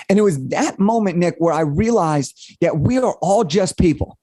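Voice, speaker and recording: A young man, a guest on an interview podcast, telling a personal story in an energetic, animated way. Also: high-pitched, moderate pace, dry recording, clean studio sound.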